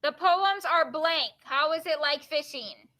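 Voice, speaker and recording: A woman teacher reading poems aloud to her class and quizzing her students with quick questions. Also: high voice, bright, forceful tone.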